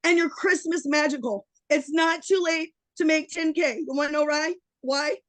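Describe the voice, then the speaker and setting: A woman's voice: sits high, moderate pace, no room sound, low-quality recording. A middle-aged woman coaching on a webinar, giving an impassioned, emotional pep talk with a voice worn from daily streaming. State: losing her voice. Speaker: online business coach.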